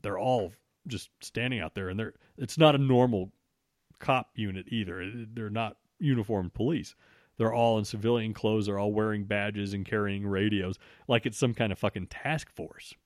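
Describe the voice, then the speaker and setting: A man's voice: lowish voice, steady tone, moderate pace, a little mellow, no room sound, clean studio sound. A man telling a long story in a casual, profane way, with many restarts. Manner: profane, rambling with frequent restarts.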